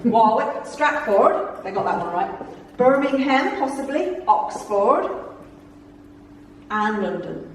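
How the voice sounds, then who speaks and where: A woman in her fifties tells humorous stories to a live club audience, bantering with listeners and laughing between lines. Her voice sits a little high. The recording is distant, with heavy room echo. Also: sing-song, slow pace, a little hiss or hum. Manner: chatty and jokey, laughing often and bantering with the audience. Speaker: guest speaker at a club. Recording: echoey room from far off.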